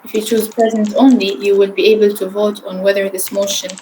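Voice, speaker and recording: A woman's voice: medium pitch, little pitch movement, a little fast, mellow, a little hiss or hum, poor audio. A woman chairing a mock conference on a video call, patiently explaining procedure and checking that others understand.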